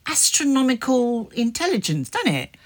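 A woman's voice: a little high, big pitch swings, moderate pace. A woman playing a cheerful, bumbling male Cockney chimney sweep who mangles big words. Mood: daft. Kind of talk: comedy double act.

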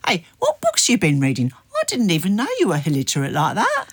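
A woman's voice: fairly low pitch, wildly swooping pitch, brisk, exaggerated voice. Woman playing bumbling Cockney sweep Arthur. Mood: daft. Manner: bumbling, mangles big words. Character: cheerful male Cockney chimney sweep Arthur. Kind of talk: comedy double act.

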